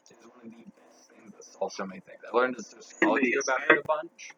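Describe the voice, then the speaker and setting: A man's voice: mid-range voice, expressive, fast talker, muffled recording, a crowd in the background. A young man talking as a podcast guest, telling stories in a rambling way full of fillers. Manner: rambling, filler-heavy storytelling. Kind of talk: casual podcast chat.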